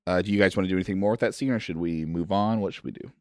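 Deep-voiced animated game master, man. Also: racing, no echo, studio quality. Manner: animated, loose and chatty. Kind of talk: narrating a tabletop game.

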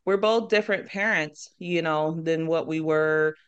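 Low, smooth-voiced woman podcaster. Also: unhurried, lo-fi sound. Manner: reflective, encouraging. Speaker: podcast co-host. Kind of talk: casual podcast chat.

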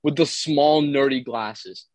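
A man's voice: mid-range voice, slow pace, a little mellow, low-quality recording. A young man co-hosting a podcast, telling a rambling, crude, jokey story in casual chat. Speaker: podcast co-host.

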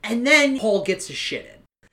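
A woman's voice: on the high side, sing-song, a little slow, fairly bright tone. A woman co-hosting a podcast, playfully recapping wrestling with plenty of profanity. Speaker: podcast co-host. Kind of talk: casual wrestling recap chat. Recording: roomy echo.

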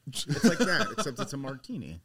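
A man's voice: mid-range voice, wildly swooping pitch, brisk, fairly bright tone. A man co-hosting a podcast, joking around and laughing easily. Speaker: podcast co-host. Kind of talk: casual chat.

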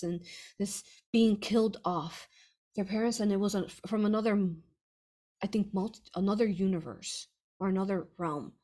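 A woman author talks casually to her followers in a medium-pitched voice. She rambles with many fillers and restarts. Her delivery swings from excited bursts to hushed, earnest asides. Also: slightly rough. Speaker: author answering reader questions. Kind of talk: casual livestream chat.

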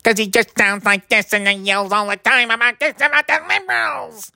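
A man mimicking a male talk radio pundit who yells all the time, in a whiny, nasal ranting voice. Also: very high-pitched, moderate pace, gravelly, dry recording, studio quality, pitched above the performer's own voice, heavily acted. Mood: mocking.

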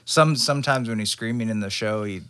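A man with a low voice co-hosts a casual podcast. He keeps things laid-back and agreeable, often chiming in with short replies. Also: brisk, sharp tone, smooth. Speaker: podcast co-host. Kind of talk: casual chat.

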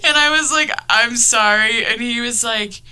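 A young woman hosting a podcast, telling a story in casual chat, animated, with lots of laughter and fillers. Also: fairly high pitch, moderate pace, clean tone. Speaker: podcast host.

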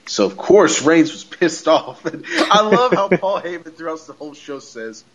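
A man hosting a podcast, recapping a wrestling show in a casual, excitable way, laughing often and repeating himself. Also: fairly high pitch, normal speed, crowd noise, poor audio. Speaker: podcast host.

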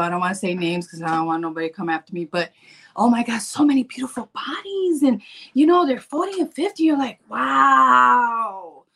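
A woman in her forties talking casually to camera in a vlog, animated and playful. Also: a little high. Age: 40s. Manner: animated, playful, acts out her own inner voice. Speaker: fitness vlogger.

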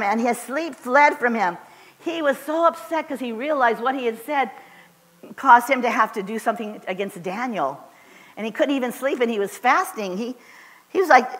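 A woman's voice: a little high, sharp tone, big-room sound. A woman preacher giving a fervent, emphatic sermon in a church, driving points home with short repeated declarations. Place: church sanctuary.

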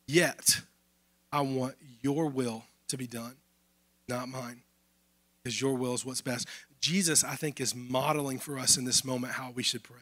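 A man's voice: medium pitch, fairly even intonation, measured pace, fairly bright tone, dry recording. A man preaching a sermon in a casual, conversational way. He is losing his voice. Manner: conversational preaching, addressing listeners as y'all. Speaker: pastor.

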